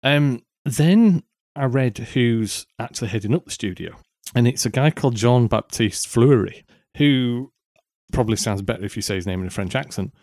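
A man's voice: medium pitch, moderate pace, a little mellow, no echo, clean studio sound. A man co-hosting a podcast, chatting casually with lots of ums and restarts. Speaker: podcast co-host. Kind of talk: casual chat.

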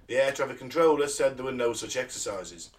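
A man's voice: mid-range voice, animated, fairly quick. Dry sarcastic British man, distant mic. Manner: dry, sarcastic, laughs often. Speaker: podcast co-host. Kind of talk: casual chat, reading news aloud.

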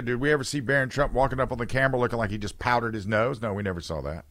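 A man's voice: medium pitch, racing, a bit bright, no echo, studio quality. A man hosting a political talk radio show, giving opinions in a conversational way and reading listener texts aloud.

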